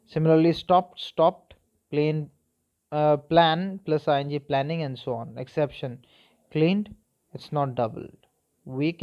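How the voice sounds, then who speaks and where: A man teaching a class spelling rules, spelling words out letter by letter and checking that the class is following. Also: on the high side. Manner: spells words letter by letter, asks "okay?" and "clear?". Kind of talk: spelling lesson. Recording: dull lo-fi recording.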